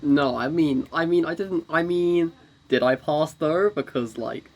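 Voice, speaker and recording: A woman's voice: deep voice, a little slow, a little mellow. A young woman co-hosting a casual chat podcast, rambling and self-deprecating with lots of restarts. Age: young adult. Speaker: podcast co-host.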